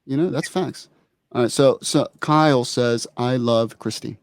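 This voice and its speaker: A man's voice: medium pitch, unhurried. A laid-back man hosts a podcast and reads viewer comments aloud in an easy, slangy way. The sound is dry and close, with no room echo. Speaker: podcast host. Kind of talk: casual chat, reading viewer comments.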